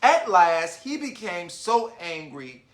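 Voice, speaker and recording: Slow, lively man reading a kids' story. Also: high voice. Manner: animated, chatty asides to young listeners. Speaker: children's book reader, literacy founder. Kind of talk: children's storybook read-aloud. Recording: roomy echo.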